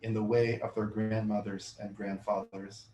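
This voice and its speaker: A middle-aged man reading his own poems to an audience in a bookshop, measured and deliberate, with chatty, self-amused asides between poems. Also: on the low side, little pitch movement, mellow. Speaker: poet giving a reading. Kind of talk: poetry reading with spoken asides. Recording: roomy hall sound, faint room noise.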